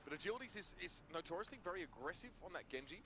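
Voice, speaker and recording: A man's voice: sits high, very animated, very fast, background noise. A man with an Australian accent doing live esports play-by-play, wordy with dramatic turns of phrase. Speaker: esports caster. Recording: archived broadcast with clear arena ambience.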